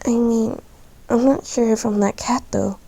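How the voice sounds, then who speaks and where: A woman's voice: on the high side, fairly even intonation, measured pace, creaky, mellow, no room sound. A woman voicing a young she-cat who talks hesitantly and stammers as she apologizes. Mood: unsure.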